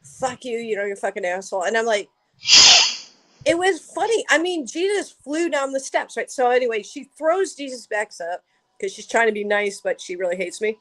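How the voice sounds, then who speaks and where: A woman's voice: a little high, moderate pace. Woman, podcast guest: loose, profane anecdote-teller. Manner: profane, animated storyteller. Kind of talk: casual storytelling.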